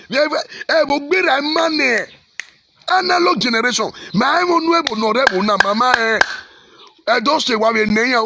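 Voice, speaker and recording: A man's voice: sits high, creaky, sharp tone, husky, no room sound. A man with a Nigerian accent, a pastor delivering fiery, repetitive exhortation on the state of his country. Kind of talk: impassioned social commentary.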